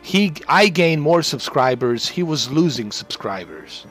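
A man's voice: fairly high pitch, sing-song, unhurried, a bit bright, faint music behind. A man chatting on a livestream in a boastful, rambling, profane way.

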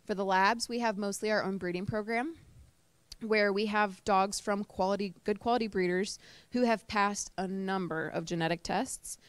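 A woman's voice: medium pitch, steady tone, moderate pace, clear, resonant tone, no room sound. A woman who trains service dogs gives an informal talk to a small group, chatty and emotional, with many fillers. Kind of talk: informal presentation to a live group. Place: indoor talk to a small audience.

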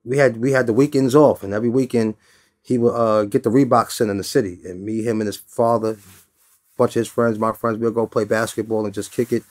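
A man from New York talks through old stories in a relaxed, easygoing drawl. He keeps tagging his sentences with "you know what I'm saying". His voice sits at a middle pitch and sounds close and dry, with no room around it. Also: fast talker, dry recording. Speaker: interview guest. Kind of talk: casual storytelling interview.

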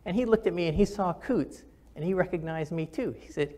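An older man with a slightly high-pitched voice recounts his own experiences in a reflective, storytelling talk. He speaks earnestly and conversationally, often restarting his sentences. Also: fairly quick, a little mellow. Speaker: physician and military officer. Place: recorded for camera.

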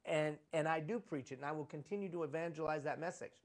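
A man's voice: fairly high pitch, fast. A middle-aged man giving a live conference lecture on leadership, preachy and repetitive, with lots of rhetorical questions. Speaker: leadership trainer. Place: conference room.

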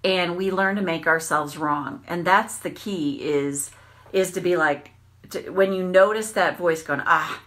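A woman tapping coach giving an earnest, reflective self-help talk on a livestream, repeating phrases and slowing down for emphasis. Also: on the low side, a bit bright.

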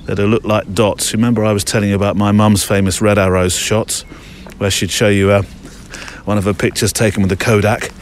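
A somewhat low-voiced man talks easily as he walks outdoors, rambling a little and reading listener emails aloud. He sounds like a podcast host speaking into a handheld recorder. Faint outdoor ambience sits behind him. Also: flat delivery, a little fast, a little hiss or hum. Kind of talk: walking podcast narration. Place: outdoors on a country walk.

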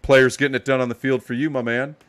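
Hosting a live card box break, a man talks fast at medium pitch in a level, fairly bright tone. He hypes up each card as it comes out and calls players by playful nicknames.

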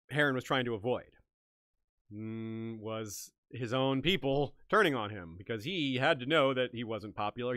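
Male podcast host, bright voice, dry close sound, casual musing delivery. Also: medium pitch, no echo. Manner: musing, thinks aloud with frequent restarts. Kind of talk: casual history discussion.

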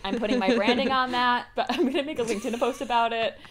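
A woman co-hosting a podcast, chatting casually as a fan, animated and laughing often as she acts out reactions. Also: fairly high pitch, quick pace. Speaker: podcast co-host.

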